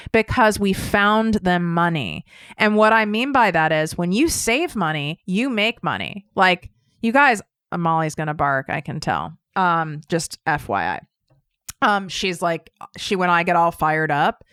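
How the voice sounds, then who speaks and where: Middle-aged woman host, blunt and casual, slightly low, smooth clear tone. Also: lively intonation, measured pace, fairly bright tone, no room sound, clean studio sound. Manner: blunt, chatty, swears casually. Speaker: host and business coach. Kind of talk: casual direct-to-camera talk.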